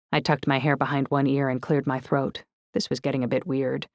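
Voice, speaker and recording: A woman narrating an audiobook in the first person, steady and descriptive. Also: very deep voice, brisk, few pauses, no echo, clean studio sound.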